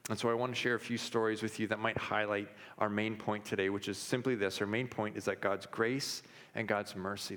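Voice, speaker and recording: A man's voice: lowish voice, fairly bright tone. A man in his thirties preaching a sermon, telling candid personal stories with frequent restarts and fillers. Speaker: pastor. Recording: long hall reverb.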